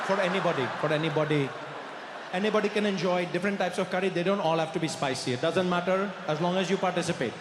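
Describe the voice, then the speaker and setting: Animated man telling a stand-up story. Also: high voice, fast, noisy background. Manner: animated storytelling, swings to shouting. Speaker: stand-up comedian. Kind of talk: stand-up comedy. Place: large performance venue. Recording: roomy hall echo, venue ambience.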